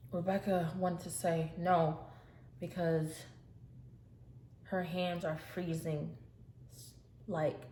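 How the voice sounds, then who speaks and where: A woman's voice: low voice, warm tone. A woman vlogger narrating a storytime while she eats, in a casual, chatty way with fillers. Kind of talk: storytime while eating on camera. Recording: echoey room, faint hiss.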